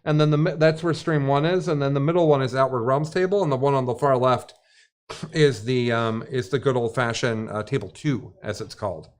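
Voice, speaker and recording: A man's voice: mid-range voice, a little fast. A man hosting a tabletop gaming livestream, rambling and joking to fill time between games. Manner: rambling, jokey, filling time. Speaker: stream host. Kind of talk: casual livestream chat.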